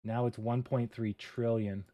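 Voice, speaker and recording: A man's voice: mid-range voice, unhurried, highs cut off. A man hosting a casual livestream, talking things through as he works and swearing lightly at his own slips. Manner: relaxed, muttering, swears and laughs at his own mistakes. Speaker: livestream host. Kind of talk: casual livestream chat while coding and reading charts.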